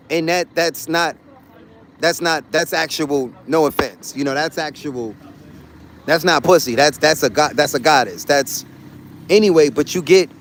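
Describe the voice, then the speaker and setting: A man with a somewhat high-pitched voice speaks in a casual livestream. He rants bluntly to his chat, swearing freely and hammering his points through repetition. He talks from a car or the street in a city. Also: slight background noise. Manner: blunt, profane, repetitive and emphatic. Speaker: livestreaming traveler talking to chat.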